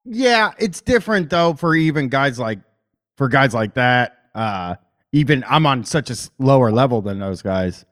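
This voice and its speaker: A man's voice: medium pitch, animated, normal speed, fairly bright tone. Rambling, swearing podcaster man. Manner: rambling, swears freely, many fillers. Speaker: podcaster, guest. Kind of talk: casual chat.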